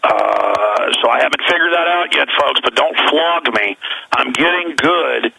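A man's voice: medium pitch, expressive, measured pace, creaky, sharp tone, slightly rough, dry recording, rough recording. A man with a Texan accent hosting a talk radio show over the phone from the road, rambling emphatically with many restarts. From Texas. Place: on the road, away from the studio.

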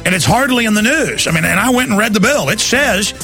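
A man's voice: high-pitched, lively intonation, fast, bright, forceful tone, soft background music. A man hosting a talk radio show, delivering an urgent, pleading monologue.

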